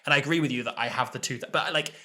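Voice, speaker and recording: A man's voice: mid-range voice, racing, pushed and bright. A man in his twenties co-hosting a podcast, chatty and rambling in casual conversation. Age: 20s. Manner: chatty, rambling with many fillers. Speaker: podcast co-host. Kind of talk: casual chat.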